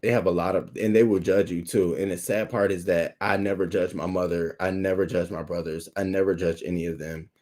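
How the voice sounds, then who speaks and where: A man's voice: deep voice, fairly even intonation, a little fast, few pauses, darkish tone. A young adult man hosting a livestream, talking candidly and emotionally to his chat, holding back tears and thanking viewers by name. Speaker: YouTube livestream host.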